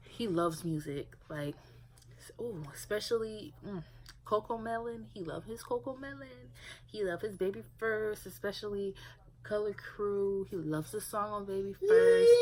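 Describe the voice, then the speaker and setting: A woman's voice: medium pitch, big pitch swings, measured pace, dark tone, poor audio. A young woman vlogging about her family in a casual, rambling way, full of filler words. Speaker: parent vlogger. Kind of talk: casual talk to camera.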